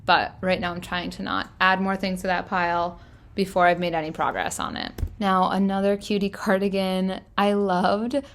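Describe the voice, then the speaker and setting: A woman's voice: mid-range voice, level tone, normal speed, a little hiss or hum. A young woman casually narrating her thrift-shopping trip, chatty and enthusiastic, with plenty of filler words. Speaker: fashion vlogger. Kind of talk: casual thrift-haul voice-over.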